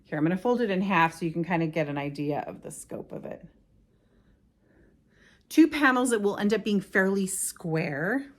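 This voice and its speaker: A woman's voice: fairly low pitch, lively intonation, moderate pace. A middle-aged woman hosting her own craft podcast in casual, rambling chat, often stopping to correct herself. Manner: chatty and rambling, with frequent self-corrections. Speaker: podcast host.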